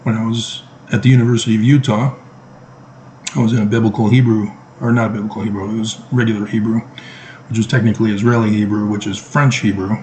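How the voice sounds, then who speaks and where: A man's voice: fairly low pitch, little pitch movement, quick pace, darkish tone, rough recording. Man, middle-aged, casual vlog monologue, emphatic, sarcastic, faint background hiss. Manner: emphatic, sarcastic, rhetorical questions. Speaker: vlogger.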